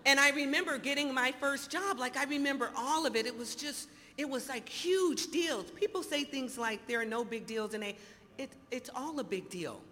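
A woman in her fifties with a high voice shares her recovery story with an audience, speaking at a normal speed. She's an animated storyteller who acts out the dialogue and laughs often. Hall reverb and faint noise color the recording.

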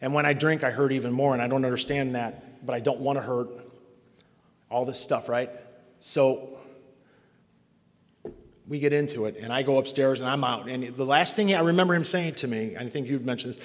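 A man's voice: mid-range voice, normal speed, pauses often. Candid middle-aged man in a reverberant hall. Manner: candid, self-mocking storytelling. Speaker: recovery speaker sharing his story. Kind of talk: personal testimony to a meeting.

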